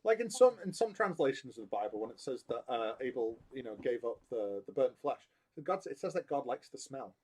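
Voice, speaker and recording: A man's voice: mid-range voice, sing-song, a little fast, hardly any pauses, darkish tone, slightly rough. A man chatting casually and irreverently as a podcast co-host, swearing and mocking voices.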